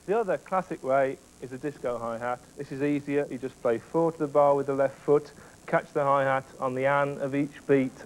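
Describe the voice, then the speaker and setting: A man teaching drum technique step by step, explaining clearly and counting beats aloud. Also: medium pitch, fairly even intonation, moderate pace, a little hiss or hum, rough recording. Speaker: drum instructor. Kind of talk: instructional explanation with demonstrations.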